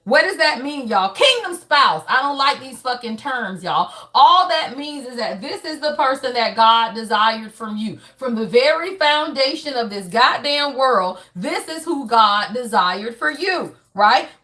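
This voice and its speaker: A woman reads tarot in a loose, casual way, her high voice swooping up and down with lots of life. She is blunt and swears freely, calling out to her viewers again and again and punching her points with quick rhetorical questions. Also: lively intonation, bright, forceful tone. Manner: blunt and profane, constantly addressing viewers directly; emphatic, with frequent rhetorical tag questions. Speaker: tarot reader. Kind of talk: casual spiritual reading.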